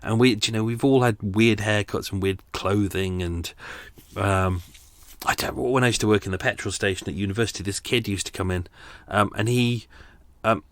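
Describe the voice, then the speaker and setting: Wry, skeptical British man, low voice. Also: normal speed, no room sound. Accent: British English. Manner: chatty, wry and skeptical, with many ums. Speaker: podcast host. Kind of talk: casual unscripted commentary.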